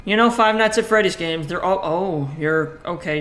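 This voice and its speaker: A bright, clear-toned man talks through a text adventure, reading its lines aloud and reacting with casual, profane asides. The recording carries a faint hiss underneath. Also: high voice, moderate pace. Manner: casual, swears, jokey self-talk; reads game text aloud in a flat voice. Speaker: gaming streamer. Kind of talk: let's play commentary, reading game text aloud.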